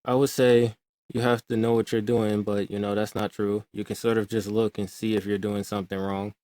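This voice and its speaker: A man with a lowish voice walks through an audio tutorial in a calm, measured way. His voice is close and dry, with no room sound at all. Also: no echo. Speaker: music production tutor. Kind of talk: screen-recorded tutorial.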